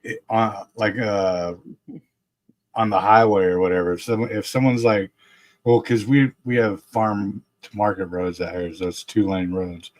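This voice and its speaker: A man's voice: fairly low pitch, fairly even intonation, unhurried. A man in casual podcast chat, laid-back and chuckling often.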